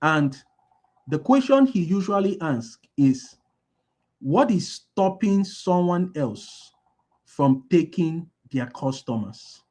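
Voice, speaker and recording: A man's voice: a little high, big pitch swings, slow pace, a little mellow. A man giving a motivational business talk, repeating key lines and asking his listeners to fill in the answers. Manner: asks the audience call-and-response questions. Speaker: business speaker.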